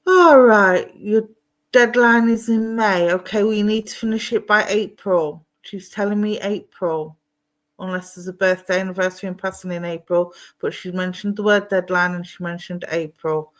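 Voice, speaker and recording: A woman's voice: on the low side, steady tone, normal speed. Woman giving psychic readings. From London. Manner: warm, chatty, calls viewers "my darling". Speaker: psychic medium. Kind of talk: live-streamed psychic readings.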